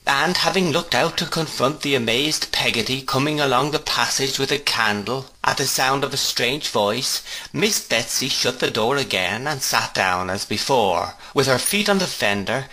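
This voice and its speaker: Bright, expressive male storybook narrator. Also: medium pitch, a little hiss or hum, poor audio. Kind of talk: storybook reading for learners.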